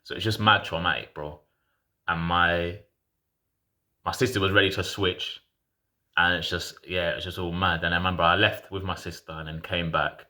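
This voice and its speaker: Deep-voiced man telling a story. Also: fairly even intonation, moderate pace, sharp tone. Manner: slangy, frank, rambling with restarts. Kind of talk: casual personal storytelling.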